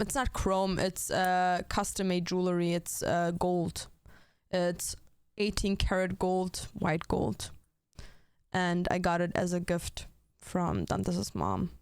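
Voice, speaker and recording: A woman's voice: lowish voice, clean tone, dry recording. A young adult woman streamer chatting casually and bluntly with her viewers, swearing often and talking straight to chat.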